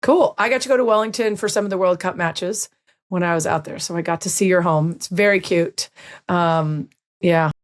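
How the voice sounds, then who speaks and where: A woman from the United States hosting a podcast, chatting casually and joking with her guest. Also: lowish voice. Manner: chatty, joking, quick to laugh. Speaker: podcast host. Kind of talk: casual interview chat.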